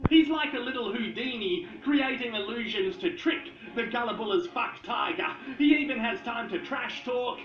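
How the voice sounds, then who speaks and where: A man giving excitable, profane comedic commentary over animal clips, breaking into yelled outbursts. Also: very high voice, moderate pace, hardly any pauses. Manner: excitable, profane, yelling bursts. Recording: roomy, dull lo-fi with faint music.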